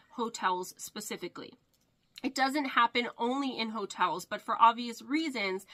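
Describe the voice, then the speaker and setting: A woman's voice: fairly high pitch, sharp tone. A woman with a cold talking casually to her viewers, her voice congested and nasal, chatty and self-deprecating. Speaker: paranormal YouTuber. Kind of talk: casual chat to camera.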